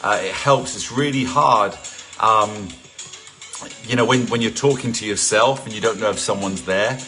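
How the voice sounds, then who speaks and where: A man's voice: fairly low pitch, moderate pace, bright, forceful tone. A middle-aged man from England hosting a live home workout session, chatting casually, greeting viewers by name and joking. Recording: faint music in the background.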